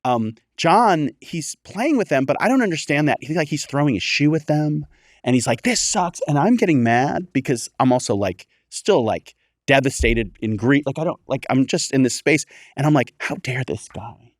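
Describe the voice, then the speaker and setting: A man spins a long story on a podcast, his pitch swinging up and down as he acts out the people in it. He sits close to the mic in a dry, dead room. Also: moderate pace, dry recording. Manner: animated storyteller acting out quoted voices. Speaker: guest, clown performer.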